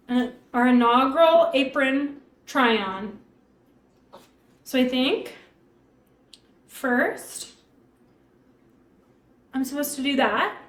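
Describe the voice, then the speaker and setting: A woman's voice: sits high, a bit bright. A young woman chatting casually with her live-stream chat while cooking in her home kitchen, giggling often.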